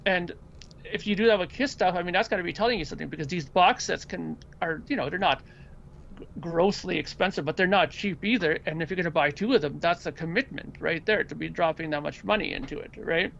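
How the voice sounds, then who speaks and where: High-voiced man hosting a chatty podcast. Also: a little fast, vocal fry, muffled recording, slight background noise. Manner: animated storyteller who acts out quoted people. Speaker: podcast host. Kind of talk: casual chat.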